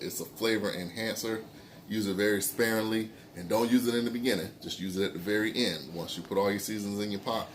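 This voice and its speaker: A man giving a casual home cooking tutorial in a relaxed, folksy way, talking through each step at the stove. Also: fairly low pitch, slight background noise. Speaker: home cook. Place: home kitchen, stove sizzling behind.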